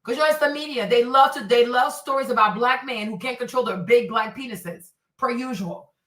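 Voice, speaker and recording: A bright-voiced woman hosts a celebrity commentary show, animated and exasperated as she roasts her targets and drops in Spanish phrases. Her voice sits a little high. The sound is roomy and heard from a bit away from the mic. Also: brisk, distant mic.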